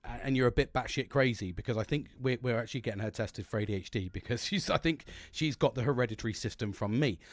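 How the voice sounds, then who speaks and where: A man's voice: medium pitch, dry recording, studio quality. A man in his forties, a podcast host, rambling through a frank monologue with constant swearing and self-mockery.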